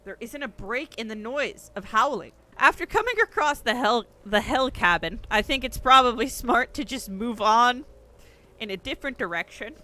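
A young woman giving excitable let's play commentary, swearing often and yelping at the screen. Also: fairly high pitch, normal speed. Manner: excitable, swears a lot, yelps and shouts at the screen. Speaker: gaming streamer.

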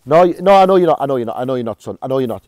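A man in his forties from Middlesbrough with a Teesside accent, calmly coaxing a stranger off a street while filming on his phone. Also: mid-range voice, very fast, no room sound. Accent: Teesside English. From Middlesbrough, England. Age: 40s. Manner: soothing, coaxing, calls others son and mate. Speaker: passerby helping a stranger. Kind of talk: casual filmed street encounter. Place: residential street outdoors at night.

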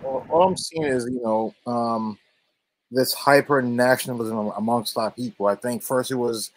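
A man's voice: medium pitch, fairly even intonation, normal speed. A man from Jamaica, speaking as a podcast panelist in an earnest, insistent way, often repeating words as he presses his point. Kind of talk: casual panel discussion.

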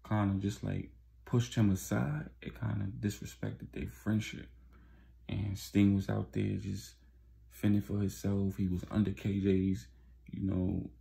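A man casually recaps a street story in loose, slangy talk full of fillers. His voice is low, dark and heavily gravelly, and he keeps a relaxed flow.

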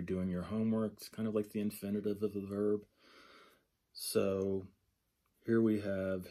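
Slow, low-voiced man teaching from a textbook. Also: warm tone. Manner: slow, thinking aloud, repeats example glosses. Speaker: sign language instructor. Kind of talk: lecture walking through a textbook.

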